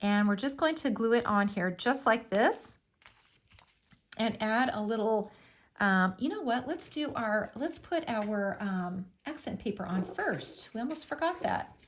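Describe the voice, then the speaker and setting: A woman's voice: fairly high pitch, lively intonation, a little slow. Chatty, enthusiastic woman hosting a craft demo. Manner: chatty and enthusiastic, with frequent fillers. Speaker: crafting tutorial host. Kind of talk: live craft demonstration.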